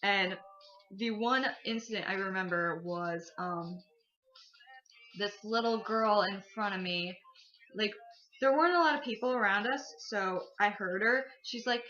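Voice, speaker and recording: A woman's voice: mid-range voice, moderate pace, pushed and bright, dull audio, faint music behind. A teenage girl telling a casual vlog story about her concert, gushing and full of fillers. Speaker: vlogger.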